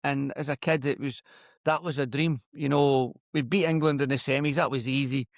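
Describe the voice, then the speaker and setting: A man's voice: medium pitch, normal speed, no room sound. A man in his fifties whose Scottish accent has picked up a Lancashire lilt, speaking in a dry, close-miked sound. He tells his stories in an easygoing, anecdotal way during a casual podcast chat. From Scotland. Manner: relaxed, anecdotal storytelling. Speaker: podcast guest, former footballer.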